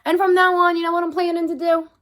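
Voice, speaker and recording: A woman's voice: very high-pitched, flat delivery, fast, fairly bright tone, voice pushed up. A woman reading a picture book aloud, voicing a big female kangaroo who firmly declares she will protect the small. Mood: resolved.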